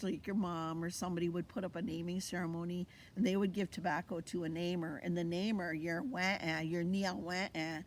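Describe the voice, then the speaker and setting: A woman's voice: fairly low pitch, darkish tone, a little hiss or hum. A woman giving an informal teaching talk, storytelling with animation and acting out the voices she quotes. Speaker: Indigenous cultural teacher. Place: outdoors on a fall plant walk.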